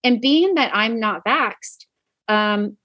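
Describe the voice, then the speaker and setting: A woman's voice: a little high, takes it slowly, a bit bright, no room sound. A woman podcast host and coach telling a personal story in a casual, chatty way. She talks straight to her listeners, with lots of "um"s and self-corrections. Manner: many "um" fillers and self-corrections.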